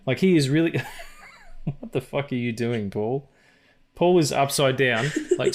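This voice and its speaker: A man hosts a laid-back movie podcast, speaking at an ordinary pitch. He talks with enthusiasm and profanity, and he keeps slipping into quick impressions of film lines. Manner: enthusiastic, swears freely, acts out movie lines. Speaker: podcast host. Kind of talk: casual film chat.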